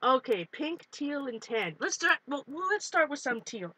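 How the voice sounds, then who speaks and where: A woman's voice: high voice, very animated, moderate pace, sharp tone, no echo, rough recording. A woman hosting an art livestream, chatting casually with viewers while she paints and often giggling. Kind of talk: casual live-stream chat while painting.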